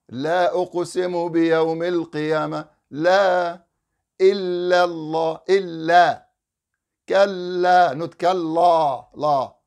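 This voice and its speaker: Male Quran teacher, slightly raised pitch, live online lesson, corrective syllable drills and chanted recitation. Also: vocal fry, a little mellow, clear, resonant tone. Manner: drills letter sounds in short repeated syllables, corrective.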